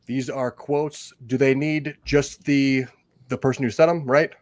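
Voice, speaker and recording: A man's voice: mid-range voice, steady tone, measured pace. A man co-hosting an online trivia night, chatty and jokey, often repeating his own lines for effect. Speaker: trivia co-host. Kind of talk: casual livestream chat.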